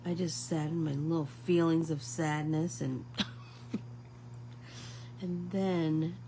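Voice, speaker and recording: A woman's voice: sits low, steady tone, takes it slowly, mellow, a little hiss or hum, rough recording. A middle-aged woman hosting a casual live painting class, chatting to viewers like friends and rambling through stories. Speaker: art class host.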